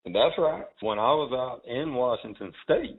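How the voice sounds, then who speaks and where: A man with a thick Southern US accent, co-hosting a podcast in a relaxed, storytelling manner. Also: medium pitch, slightly rough. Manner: relaxed storytelling, drawn-out anecdotes. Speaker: podcast co-host. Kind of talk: casual chat. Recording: tinny phone-like audio.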